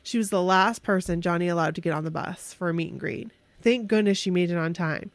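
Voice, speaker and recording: A woman's voice: fairly low pitch, a little fast, dry recording. A woman co-hosting a casual podcast, chatty and giggly as she reads a fan story aloud, stumbling over words and correcting herself. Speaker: podcast co-host.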